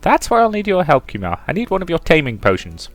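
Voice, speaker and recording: A man voicing a boastful adventurer woman, high and swooping. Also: huge pitch swings, fast talker, no echo, soft background music. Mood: eager. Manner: boastful, theatrical. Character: brash bold young adventurer woman. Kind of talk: reading game dialogue aloud.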